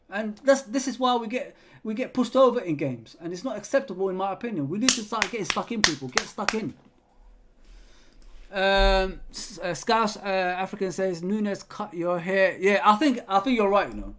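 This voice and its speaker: Young male fan host, casual watch-along chat with excited play-by-play bursts, higher-pitched voice. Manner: chatty, reads viewer comments, bursts of excited play-by-play. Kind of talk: live football watch-along commentary.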